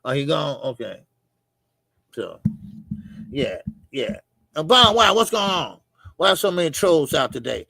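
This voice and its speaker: Gravelly-voiced man rambling on a livestream. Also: on the high side, big pitch swings, moderate pace, long pauses, pushed and bright, no echo. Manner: loose, rambling, many fillers and repeats. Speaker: livestream host. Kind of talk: casual live chat reading comments.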